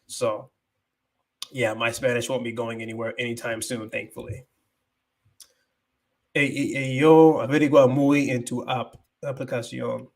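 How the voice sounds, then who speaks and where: A man's voice: mid-range voice, flat delivery, unhurried, gravelly, pauses often, darkish tone. A man hosting a casual livestream, thinking aloud as he talks about his language learning and drops in Spanish phrases.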